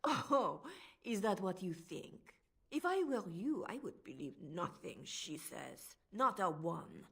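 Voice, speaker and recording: A woman's voice: on the low side, very animated, slow, gravelly, breathy edge, full character voice. An actress with a French accent voicing a cold, manipulative woman spymistress in a video game, speaking in a silky, menacing way. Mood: taunting.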